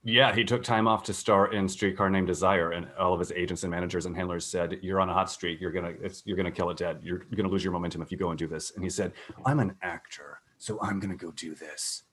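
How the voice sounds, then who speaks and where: A man's voice: deep voice, little pitch movement, fast talker, hardly any pauses, fairly bright tone. A man on a podcast telling dry, wry stories about an actor's career. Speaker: podcast guest. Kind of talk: casual chat about a film.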